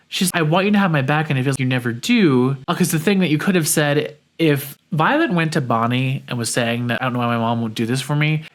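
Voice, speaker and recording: A man's voice: a little high, fairly bright tone. A young adult man hosting a podcast, talking through his thoughts in a casual, reflective way with frequent restarts. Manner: conversational, reflective, restarts mid-sentence. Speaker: podcast host. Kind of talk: casual solo commentary.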